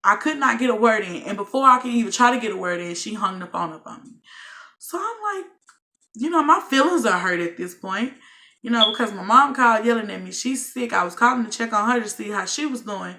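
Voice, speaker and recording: A woman's voice: fairly high pitch, lively intonation, a little fast, sharp tone, a little hiss or hum. A young woman vlogger telling a personal story straight to her viewers, candid and swearing freely. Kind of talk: storytime monologue.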